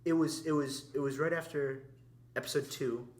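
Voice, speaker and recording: Raspy young man with voice cracks. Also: fairly high pitch, fairly even intonation, moderate pace. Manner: jokey, crude, laughs often. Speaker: podcast co-host. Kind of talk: casual chat.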